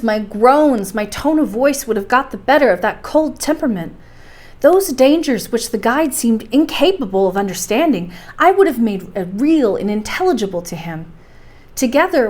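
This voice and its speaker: A woman narrating a bedtime story for a library, calm and steady. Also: a little high.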